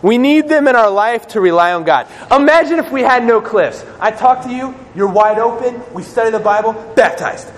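A man preaching a sermon in a lively, casual way, acting out quoted voices with slang. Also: extremely high pitch, moderate pace, hardly any pauses, slight background noise. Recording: long hall reverb, faint ambience.

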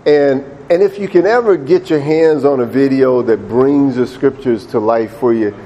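A man's voice: mid-range voice, moderate pace, warm tone, dull audio. A man preaching a sermon, retelling a story in a conversational way and repeating words when he gets emphatic.

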